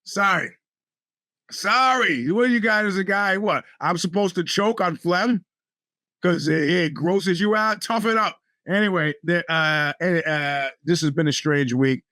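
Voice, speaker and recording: A man's voice: high-pitched, unhurried, pushed and bright, no room sound. A man hosting his podcast in casual, rambling talk with wry, profane asides, his speech a bit off from a bitten tongue. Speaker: podcast host.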